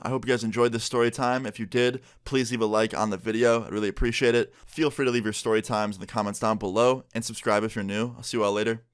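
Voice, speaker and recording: A young man narrating a storytime vlog in a casual, animated way, acting out the lines of the people in his story. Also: mid-range voice, clean tone. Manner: casual, animated retelling with quoted voices. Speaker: vlogger telling a story.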